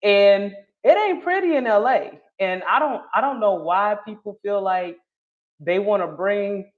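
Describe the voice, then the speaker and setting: A woman with a North Carolina Southern accent talks through a casual live stream, chatty and quick to laugh at herself. She backs up and rephrases as she goes. The audio is a bit dull and lo-fi. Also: mid-range voice, expressive. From Charlotte, North Carolina. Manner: chatty, laughing often, correcting herself mid-thought.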